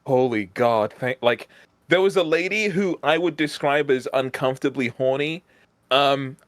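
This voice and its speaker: A man's voice: a little high, normal speed, fairly bright tone, dry recording. A man with a British accent, a guest on a stream, telling a story in casual chat with many restarts and laughs.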